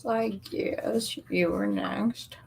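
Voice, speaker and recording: A woman's voice: mid-range voice, fairly even intonation, takes it slowly, creaky, darkish tone, a little hiss or hum. A woman doing a tarot reading on a live stream, chatty and teasing, talking casually to viewers. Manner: chatty, teasing, laughs easily. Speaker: tarot reader on a livestream.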